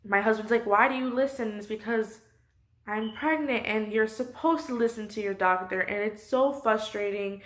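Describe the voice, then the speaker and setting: A woman's voice: medium pitch, moderate pace. A woman close to tears, venting her frustration in a personal vlog from her couch at home. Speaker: vlogger.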